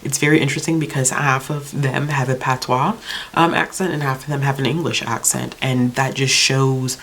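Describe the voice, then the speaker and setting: A woman's voice: very deep voice, steady tone, moderate pace, fairly bright tone. A woman casually reviewing a book on her channel, talking with passion, ranting a little, with many fillers and restarts. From Jamaican heritage. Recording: faint hiss.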